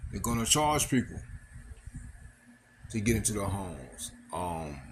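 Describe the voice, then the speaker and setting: A man's voice: lowish voice, very animated, slow pace. Man preaching casually over faint noise. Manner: conversational, repeats "man" and "all right", reads scripture aloud. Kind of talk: casual street-style sermon.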